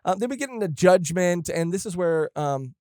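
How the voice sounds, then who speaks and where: Excitable rambling young man, dry mic. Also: high-pitched, moderate pace, no echo. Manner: rambling, excitable, self-correcting. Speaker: podcast co-host. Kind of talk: casual chat.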